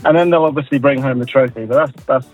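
A laid-back man talks as a radio guest, with a middle-pitched voice and a dry, self-deprecating humor. Faint music plays softly behind him. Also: fast talker, rough recording. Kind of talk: casual radio chat.

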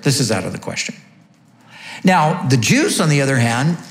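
Emphatic preaching man, lively pitch. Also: reverberant. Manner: emphatic, rhetorical questions, sweeping pitch rises. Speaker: pastor. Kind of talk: sermon.

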